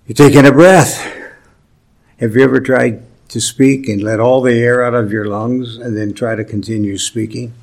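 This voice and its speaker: A man preaching a sermon, slow and deliberate, with emphatic pauses and touches of humor. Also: mid-range voice, steady tone, gravelly, a little mellow. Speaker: pastor.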